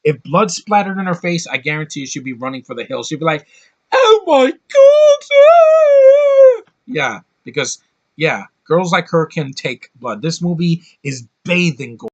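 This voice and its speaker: A man's voice: a little high, normal speed, a bit bright, lo-fi sound. Blunt, ranting male movie reviewer. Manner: ranting, blunt, swears freely, frequent restarts. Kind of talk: casual movie review vlog.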